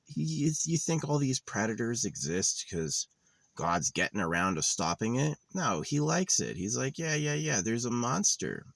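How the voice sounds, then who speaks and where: A young man with a very deep voice rambles through a cynical, profane monologue. He swears freely and jumps from one grievance to the next. It's a vlog recorded outdoors, with a dry sound and no room echo. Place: outdoors in a wooded area.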